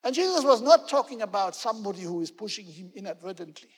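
High-voiced gravelly male preacher. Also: in a large hall. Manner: earnest storytelling, fillers like "you know", emphatic repetition. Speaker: pastor. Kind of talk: sermon.

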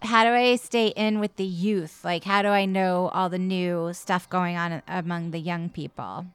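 A woman's voice: lowish voice, fairly even intonation, moderate pace, smooth, no room sound. A woman chatting as a guest on a comedy podcast over a video call, musing aloud and laughing easily. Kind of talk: casual comedic chat.

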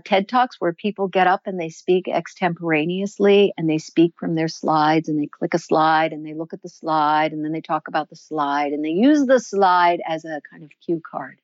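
A woman answering interview questions as a voice and performance coach, explaining in a measured, instructive way. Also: on the low side, no room sound, highs cut off. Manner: measured, instructive, slows to stress points.

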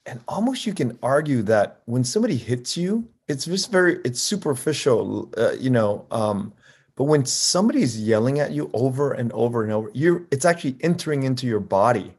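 A man hosting a casual podcast conversation, reflective and searching for his words with pauses and fillers. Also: medium pitch, lively intonation, darkish tone, husky. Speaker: podcast host.

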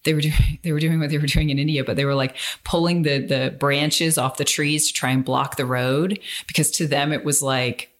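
Low voiced woman podcast cohost, rambly, lots of likes and ums. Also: steady tone, moderate pace, few pauses. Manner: rambling, many fillers and restarts. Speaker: podcast co-host. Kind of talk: casual podcast chat.

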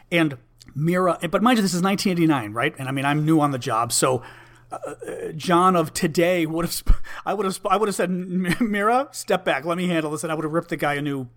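A man's voice: fairly high pitch, fairly bright tone. A man in his fifties candidly telling a personal story in a casual monologue, conversational and blunt. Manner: candid, conversational, with fillers and restarts, blunt language. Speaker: vlogger, former Senate staffer.

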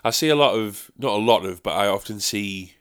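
A man's voice: fairly low pitch, brisk, a bit bright, clean tone. A young man hosting a podcast, rambling and swearing in casual chat. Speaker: podcast host.

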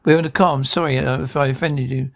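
A man's voice: medium pitch, fairly even intonation, fast, gravelly, lightly acted. An actor playing an irritable middle-aged man who squabbles in sitcom dialogue, stammering and restarting. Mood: apologetic. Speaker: sitcom character.

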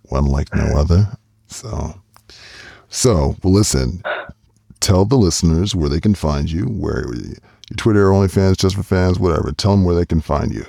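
A male podcast host wrapping up an episode in a relaxed, chatty way, slightly out of breath. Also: low voice, moderate pace, gravelly, husky, dry recording, studio quality. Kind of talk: casual podcast outro.

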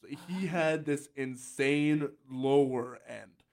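A man's voice: medium pitch, takes it slowly, a little mellow. A man with a light tenor voice hosting a podcast, chatting casually, often restarting his sentences and laughing easily. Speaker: podcast host. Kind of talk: casual chat.

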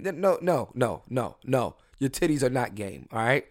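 A young man hosting a solo podcast from his room at home, drunk and high, talking loosely and jokingly, with mumbled asides that break into loud emphatic bursts. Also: lively intonation, brisk, hardly any pauses. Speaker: podcast host. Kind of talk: casual solo podcast rant.

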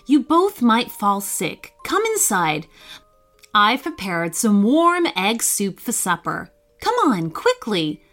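A caring mother fox from a bedtime storybook fusses over her little ones with anxious urging, as a woman puts her on. Her voice rises and falls in lively, slow phrases. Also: medium pitch, soft background music, full character voice.

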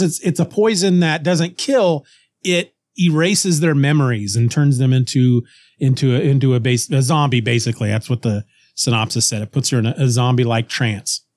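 A man co-hosting a podcast, casually retelling a comic story with lively restarts and snippets of character voices. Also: medium pitch, no echo, clean studio sound. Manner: animated retelling, acts out characters' lines, frequent restarts. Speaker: podcast co-host.

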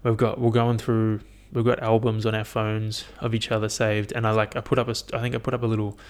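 A young man talks casually into a headphone mic about the highlights of his year. He rambles, swears freely and laughs at his own anecdotes in an unpolished way. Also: flat delivery, brisk. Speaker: vlogger. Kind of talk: casual solo year-review chat.

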